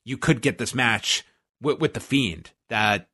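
A man's voice: medium pitch, animated, measured pace, pushed and bright, husky. A man co-hosting a podcast, casually recapping a show in a rambling, stop-start way with lots of fillers. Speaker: podcast co-host. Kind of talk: casual wrestling recap chat.

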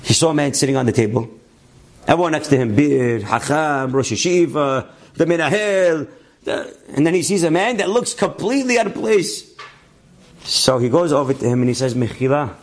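Animated man telling a sermon story. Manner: animated storyteller, acts out quotes with rising pitch, Hebrew terms sprinkled in.

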